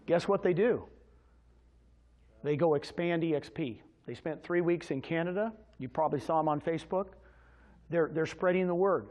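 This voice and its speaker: Quizzing the real estate agents in front of him, a man gives a high-energy, motivational sales presentation. He pitches his voice a little high, keeps a normal speed, and leaves long pauses.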